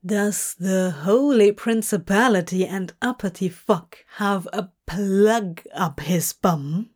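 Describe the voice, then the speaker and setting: Smirking, teasing male demon in a slow audio story, read by a woman. Unhurried and leering. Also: mid-range voice, darkish tone. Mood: breathless disbelief. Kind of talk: narrated fan-fiction reading.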